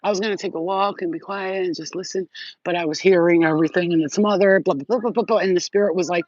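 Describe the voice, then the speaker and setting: A woman's voice: lowish voice, steady tone, fast, a little mellow, dry recording, muffled recording. A woman giving a casual live psychic reading, rambling and chatty, swearing and laughing often. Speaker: psychic reader.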